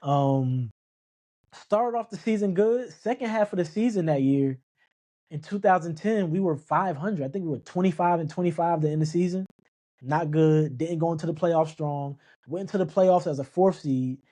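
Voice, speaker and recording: The voice belongs to an adult man who hosts a sports podcast, a little high and dark in tone, at normal speed. He talks casually and emphatically, frequently restarting sentences and repeating himself.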